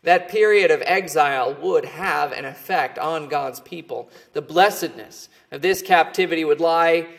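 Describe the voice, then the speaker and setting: A male pastor preaching with a somewhat high voice. He speaks earnestly and stresses his key words, letting the ends of his phrases drop off quietly. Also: measured pace, creaky, hardly any pauses. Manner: earnest, emphatic preaching with falling phrase endings. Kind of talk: sermon.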